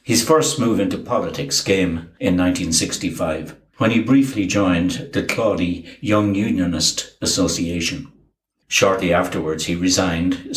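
A man with a low, deep voice delivers scripted documentary narration. He reads names and dates in a measured, even way. The recording carries a noticeable roomy echo.

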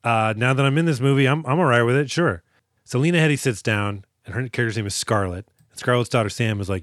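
A man's voice: medium pitch, fast talker, fairly bright tone, dry recording, studio quality. A man co-hosting a movie review podcast in a casual, jokey way, adding silly voices and sound effects. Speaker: podcast co-host.

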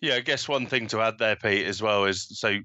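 A man speaking as a podcast guest, eager and halting, with many repeated words. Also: lowish voice, pushed and bright, no echo, lo-fi sound. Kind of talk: casual podcast chat.

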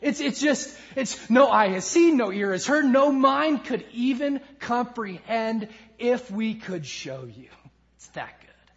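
High-voiced impassioned male preacher. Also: expressive, measured pace, few pauses, muffled recording. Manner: impassioned preaching, swinging between loud emphasis and hushed lines. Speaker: pastor. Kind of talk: sermon.

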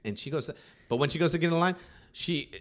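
A man's voice: a little high, fast. Rambling man telling a story, swearing. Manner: rambling, profane, full of fillers and restarts. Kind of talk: casual chat.

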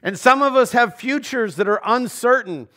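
A man's voice: very high voice, moderate pace, sharp tone. A man, a pastor, giving a sermon in a casual, conversational way with slang asides. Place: church.

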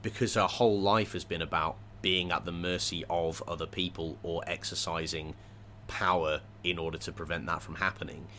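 A man with a very deep voice and a bright, forceful edge, talking things over in a relaxed discussion. He thinks aloud, pausing and restarting often. A faint hum sits behind him. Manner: thoughtful, hesitant, many restarts and fillers. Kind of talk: casual discussion.

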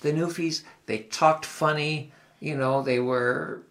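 Hosting a local talk show, an older man from Ottawa Valley, Canada, with the accent to match, rambles reflectively through stories with restarts and asides. He speaks slowly with fairly even intonation, in a fairly high-pitched, fairly bright voice.

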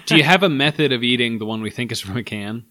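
A man co-hosting a casual food-tasting podcast, playful and quick to laugh. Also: medium pitch, bright, forceful tone, no echo. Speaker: podcast co-host. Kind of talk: casual chat.

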